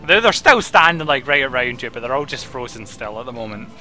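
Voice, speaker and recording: A man's voice: mid-range voice, very animated, fast, bright, forceful tone, soft background music. A man narrating a tabletop game as game master, casual and stumbling, often repeating words.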